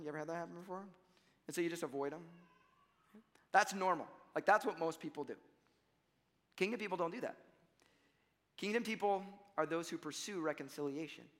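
A young adult man preaching a sermon as pastor, animated and conversational, swinging between loud emphasis and quiet asides. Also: sits high, fast, in a large hall.

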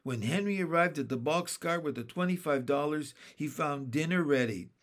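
A man reading a children's book aloud as narrator, slow and careful. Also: a little high.

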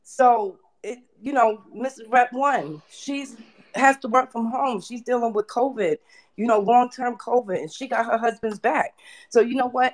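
A woman hosting a live audio chat, talking in an energetic, preachy way with lots of fillers. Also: fairly high pitch. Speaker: host.

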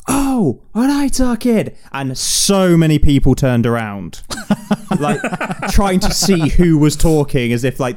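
A man on a podcast, chiming in agreeably and slipping into short anecdotes. His voice sits at a middle pitch with a relaxed conversational rhythm. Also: clear, resonant tone. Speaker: podcast co-host. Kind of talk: casual podcast chat.

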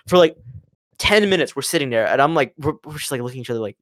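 A young man from Canada, co-hosting a podcast, telling a story in a lively, profane, casual way. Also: medium pitch, quick pace, no echo, studio quality. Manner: animated storytelling, swears a lot. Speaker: podcast co-host. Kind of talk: casual chat.

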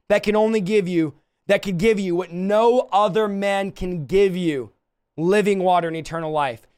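A man preaching a livestreamed sermon, impassioned, swinging between soft and loud passages. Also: high voice, smooth, no echo.

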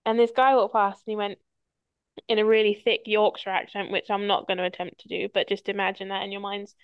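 A woman's voice: medium pitch, level tone, a little fast, smooth, no room sound. Chatty woman host with a dry, dull sound. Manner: chatty storyteller, swears casually. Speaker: podcast host. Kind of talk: casual podcast chat.

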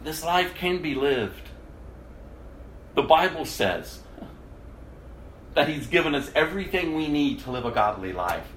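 A man giving an emotional sermon testimony, moving from hushed quotes to loud outbursts. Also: on the high side, sing-song, a little slow, pauses often, reverberant, slight background noise. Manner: emotional, swings between hushed quoting and loud exclamation.

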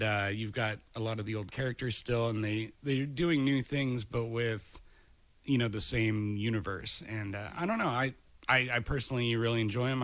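A man's voice: on the low side, a bit bright, no room sound. A man co-hosting a podcast in casual chat, blunt and opinionated, with frequent swearing. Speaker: podcast co-host. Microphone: studio microphone.

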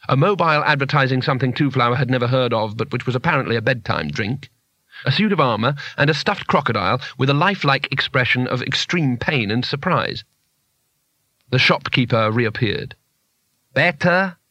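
A man's voice: medium pitch, lively intonation, moderate pace, pushed and bright, no room sound. A man narrating a comic fantasy audiobook in a dry, wry storytelling manner. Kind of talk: scripted narration.

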